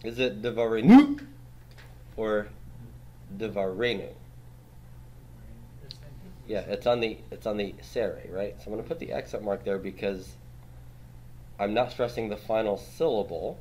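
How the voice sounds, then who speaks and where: A man with a somewhat low voice lectures a class, walking through grammar rules step by step. He keeps checking in with his students and patiently quizzes them as he goes. A faint hiss sits under the classroom recording. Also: normal speed, a little mellow. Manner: quizzes students, tags statements with "right?". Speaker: Hebrew grammar teacher.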